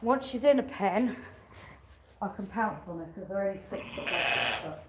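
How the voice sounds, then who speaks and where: Amid very noisy audio, a farmer vlogger in a sheep pen sighs and swears as she wrestles a ewe, coaxing it along and addressing her viewers in between. She speaks at medium pitch in a sing-song way, at a moderate pace.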